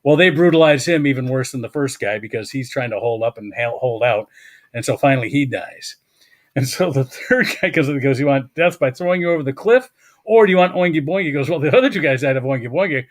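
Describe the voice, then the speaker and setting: A man's voice: medium pitch, animated, quick pace, dry recording. A man hosting a casual comedy podcast, telling jokes and laughing often. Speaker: host.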